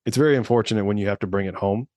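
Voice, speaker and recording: A man in his thirties co-hosts a podcast, his lowish, slightly mellow voice moving at a rapid clip. He chats casually and rambles, packing in fillers and swearing freely. The studio-quality recording has no echo.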